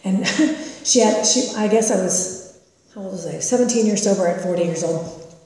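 A woman in her fifties from California shares her story with a recovery meeting, candid and self-mocking. Her voice is mellow and warm. It echoes around a big hall, picked up from far off. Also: medium pitch, moderate pace. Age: 50s.

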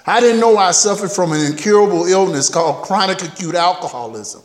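A man's voice: high-pitched, a little fast. A man telling his own recovery story at a meeting, candid and humorous, in a folksy voice. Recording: echoey hall, heard from a distance.

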